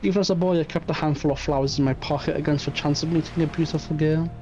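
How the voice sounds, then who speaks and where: Man doing a romantic Spanish fishmonger, put-on Spanish accent, higher voice, muffled sound. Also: steady tone, fast, dark tone, close to an everyday voice. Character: lovesick male Spanish fishmonger, flamboyant and romantic. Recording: muffled stream audio, faint music.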